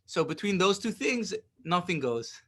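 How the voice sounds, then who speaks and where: A man's voice: high-pitched, big pitch swings, a little slow, a bit bright. A man teaching a Torah lesson, reading Hebrew phrases and explaining them in casual English, often checking in with "right?".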